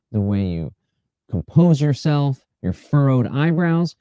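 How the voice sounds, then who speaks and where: Mellow-voiced man hosting a motivational talk. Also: mid-range voice, no echo. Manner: lively, slips into mocking voices of imagined people. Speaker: livestream host.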